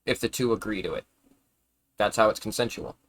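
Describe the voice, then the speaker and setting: A man's voice: on the low side, a little fast, a bit bright. A man ranting casually on a live stream. He talks in a rambling, profane, argumentative way, often stumbling and restarting his words.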